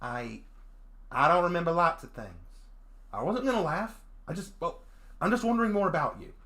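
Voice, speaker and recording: Man as earnest young guy, stammering, reassuring, polite, visual novel reading, animated pitch. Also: moderate pace. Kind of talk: visual novel read-aloud.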